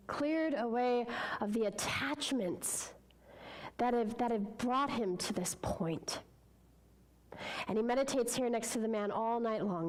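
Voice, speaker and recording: A woman's voice: on the high side, darkish tone, rough recording. A woman speaker telling a parable in a sermon at a spiritual center, earnest and heartfelt. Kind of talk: sermon storytelling.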